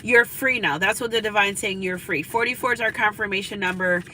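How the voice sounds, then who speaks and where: A tarot reader in a car talks fairly quickly at medium pitch, her tone sharp, over a slight hiss or hum on a low-quality recording. Giving a spiritual reading, she is chatty and confiding, regularly checks in with listeners, and keeps repeating "you know what I'm saying."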